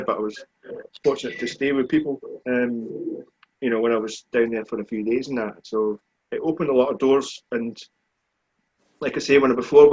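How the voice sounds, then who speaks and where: A man in his forties with a Scottish accent, a speedway rider answering questions in a relaxed, plain-spoken way during a live online chat. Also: medium pitch, breathy edge. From Scotland. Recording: dull, muffled lo-fi stream audio.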